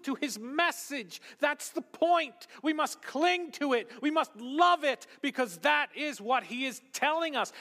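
A man preaching a sermon as pastor, swinging between loud emphasis and hushed asides. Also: very high voice. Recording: long hall reverb.

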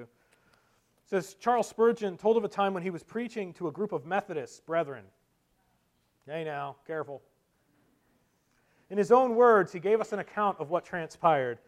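Male pastor, high register, sermon delivery with big dynamic swings between forceful preaching and hushed asides. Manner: swings from loud emphatic preaching to quiet asides.

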